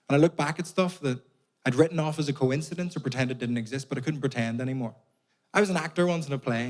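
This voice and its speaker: A man's voice: mid-range voice, a little mellow. A young Irish man doing a stand-up comedy set, telling stories casually with plenty of swearing and putting on voices for other people. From Northern Ireland. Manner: conversational storytelling, swears freely, puts on voices for others. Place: theatre stage before a laughing audience.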